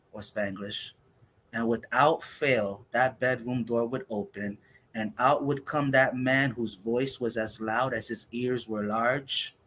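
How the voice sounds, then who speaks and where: A man delivers spoken word poetry in a measured, reflective way, leaving pauses between phrases. His voice sits in an ordinary middle pitch for a man. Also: a bit bright. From United States. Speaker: poet.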